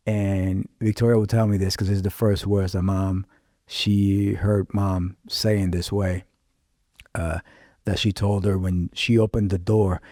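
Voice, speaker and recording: Pastor guest, low voice, dry studio sound; animated testimony storyteller who acts out quoted lines. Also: male voice, no echo. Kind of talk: personal testimony in casual interview.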